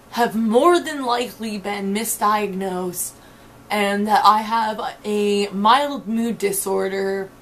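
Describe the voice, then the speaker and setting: A woman's voice: mid-range voice, slight background noise. A woman telling her story in a personal video diary. She talks bluntly and swears often, with a lot of feeling. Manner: blunt, profane, emotionally intense storytelling. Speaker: video diarist.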